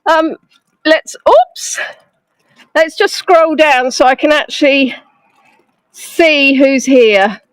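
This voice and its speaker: Host type: high-voiced woman, unhurried, self-mocking, live tour guide on a phone outdoors, dry close sound. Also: no echo, poor audio. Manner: chatty, self-deprecating, greeting viewers by name. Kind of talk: live-streamed walking tour chat. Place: outdoors in a snowy town street. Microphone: phone on a gimbal held close to the face.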